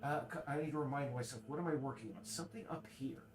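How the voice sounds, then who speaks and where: A man streaming, chatting casually in a rambling, halting way full of restarts while he works. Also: medium pitch, background noise. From United States.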